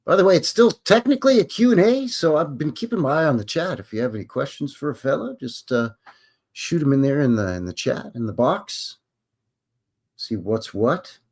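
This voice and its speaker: A man's voice: a little high, lively intonation, normal speed, a little mellow, slightly rough. Rambling Canadian man hosting a livestream. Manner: loose, joking, meandering. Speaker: livestream host. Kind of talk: casual rambling livestream chat.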